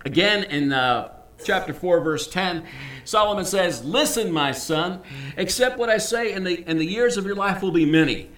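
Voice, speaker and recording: Man, pastor, sermon, higher voice, lively pitch, emphatic, joking asides, echoey church. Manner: animated, emphatic, with asides and quick jokes.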